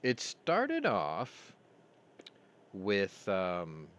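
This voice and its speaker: Man, low voice, lively swinging pitch, rambling casual host chat, joking. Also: drawn-out words, a little hiss or hum. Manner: rambling, joking, laughs at his own stories. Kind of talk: casual live-stream chat.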